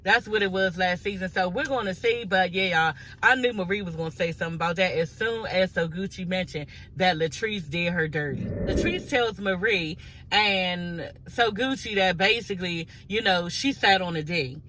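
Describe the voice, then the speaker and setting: A woman's voice: on the low side, normal speed, background noise. A woman recapping a reality show in a casual gossip vlog, blunt and profane, talking straight to her viewers.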